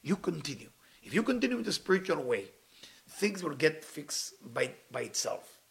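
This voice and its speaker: A man's voice: a little high, very animated, moderate pace, vocal fry, a little hiss or hum. A man doing a stern old spiritual leader. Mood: firm, calm. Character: stern older male spiritual group leader.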